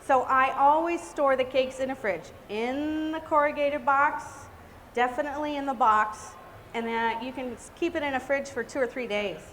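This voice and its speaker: Bubbly high-voiced woman teaching cake decorating. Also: moderate pace, a bit bright. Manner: bubbly, chatty, exclamatory. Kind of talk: live cake decorating demonstration. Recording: reverberant hall with faint noise.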